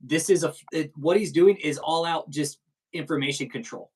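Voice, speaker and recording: A man hosts a live stream in casual commentary. He is profane and combative and rambles freely. His voice sits a little high. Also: moderate pace, a little mellow, husky, rough recording. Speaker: stream host.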